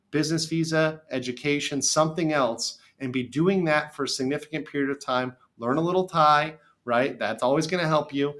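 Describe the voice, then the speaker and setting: A middle-aged American man, an attorney, talking as a guest on a podcast, emphatic and lively when telling stories. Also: mid-range voice. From USA. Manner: animated, emphatic storyteller. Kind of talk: casual podcast interview.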